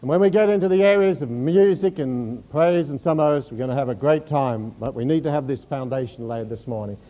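A man preaching a sermon, animated and joking with the congregation. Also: mid-range voice, fairly quick, dull audio. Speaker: pastor.

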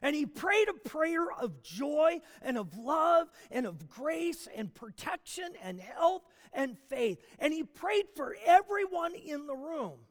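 A man telling a story in a sermon, animated, with frequent restarts and fillers. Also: very high-pitched, slow pace, few pauses. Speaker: preacher. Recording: long hall reverb.

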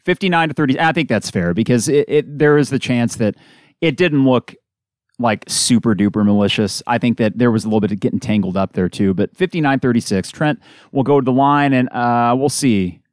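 A man hosting a podcast, calling a basketball game live with bursts of excitement. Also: medium pitch, brisk, dry recording, clean studio sound. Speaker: podcast host doing live game reaction. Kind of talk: excited play-by-play commentary.

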